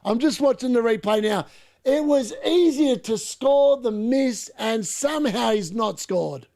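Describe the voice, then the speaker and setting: A man calls a football match live for his viewers, loud and excitable. His voice sits high and carries a gravelly rasp. He yells at missed chances and teases the players without mercy. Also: measured pace. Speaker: watchalong streamer. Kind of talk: live match commentary and reaction.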